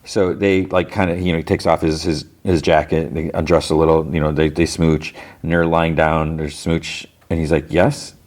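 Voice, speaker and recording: A man's voice: extremely low pitch, little pitch movement, moderate pace, few pauses, darkish tone. A man hosting a podcast, casually retelling TV scenes in a rambling way, full of "like" and restarts. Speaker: podcast host. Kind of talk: casual episode recap.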